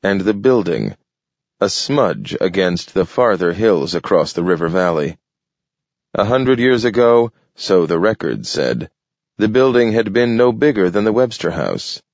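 A man reading a story aloud as an audiobook narrator, in a measured, steady way. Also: low-pitched, vocal fry, no echo. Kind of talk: scripted narration. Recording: dull lo-fi dry recording.

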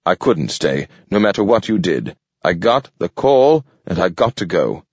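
A stubborn robot servant speaks low and flat, unmoved by pleading, read by a man in a storybook. His voice sits very deep and the recording is dull and dry. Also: a little slow, slightly rough, dry recording, full character voice. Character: stubborn male robot servant, quiet and set.

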